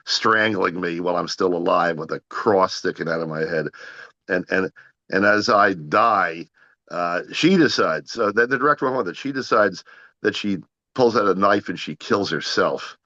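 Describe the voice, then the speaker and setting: A man's voice: sits low, normal speed, sharp tone, no echo, dull audio. A man, an actor, telling a long story as an interview guest, rambling with frequent restarts and repeated words.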